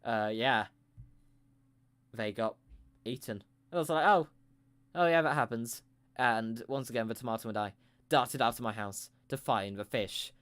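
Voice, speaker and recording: A man's voice: on the low side, normal speed, a bit bright, clean tone. A man telling a rambling improvised comic story with playful, self-mocking asides.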